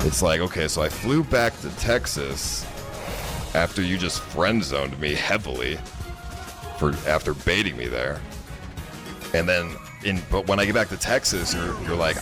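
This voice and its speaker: A man's voice: low-pitched, expressive, moderate pace, music in the background. A man telling a personal story in a casual, rambling way, frustrated and full of filler words.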